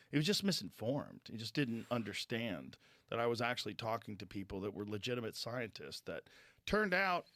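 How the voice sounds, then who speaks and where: A man hosting a podcast, talking in a calm, matter-of-fact way and swearing casually in relaxed conversation. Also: mid-range voice, no echo. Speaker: podcast host.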